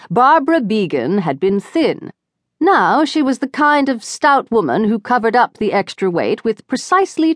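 Woman audiobook narrator, animated delivery, dry close-mic studio sound. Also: medium pitch, dry recording. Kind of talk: scripted narration.

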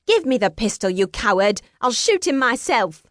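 A woman's voice: very animated, moderate pace, no room sound, clean studio sound. A woman narrator voicing a furious young woman, a swindler's wife, screaming in an audiobook. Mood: enraged. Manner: shrill, screaming. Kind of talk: audiobook character voice.

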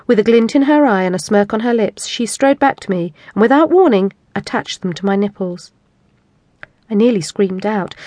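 A woman's voice: mid-range voice, darkish tone, no room sound. Woman reading an audiobook, dry sound. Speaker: audiobook narrator. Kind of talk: scripted first-person audiobook narration.

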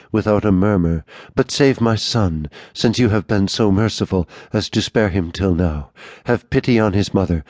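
A frightened middle-aged notary, as a man voices him in a storybook reading, begs and trembles in a gloomy, subdued way. The voice is very low and is recorded dry and close, with no room sound. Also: darkish tone, dry recording. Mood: pleading. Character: terrified male notary about fifty, humble and pleading.

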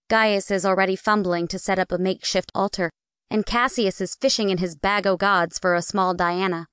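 A woman narrating a first-person audiobook in a clear, measured storytelling manner. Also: mid-range voice, steady tone, a bit bright, no echo, clean studio sound.

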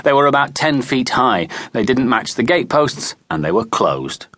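A man narrating a children's audiobook in an expressive storytelling manner, recorded in a studio. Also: medium pitch, normal speed, no echo. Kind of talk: scripted narration. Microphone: close studio mic.

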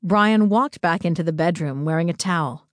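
A woman narrating a first-person story in a slow, intimate, measured reading on a close studio mic. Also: fairly low pitch, no room sound. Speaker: audiobook narrator.

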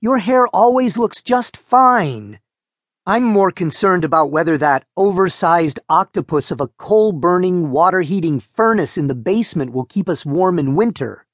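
A man voicing a calm, practical mother who speaks patiently and soothingly. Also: on the low side, normal speed, no echo, studio quality. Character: calm practical mother, a vet, middle-aged.

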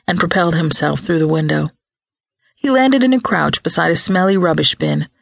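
A woman narrating a paranormal romance audiobook in a lively, expressive scripted read. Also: deep voice, creaky, no room sound, studio quality.

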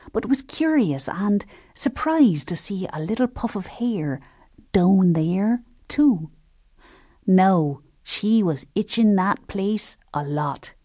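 A woman narrating a historical novel as an audiobook, telling the story in a measured, gentle first-person voice. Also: fairly low pitch, no echo, studio quality.

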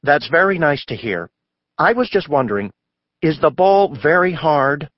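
A man's voice: very animated, normal speed, dry recording, highs cut off. A man voicing an anxious, fussy mother in a storybook reading. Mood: fretting. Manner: anxious, higher voice.

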